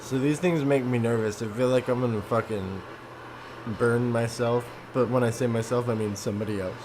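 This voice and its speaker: A man's voice: medium pitch, fairly even intonation, normal speed, noisy background. A man co-hosting a podcast, joking and swearing in a casual chat while watching a show. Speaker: podcast co-host.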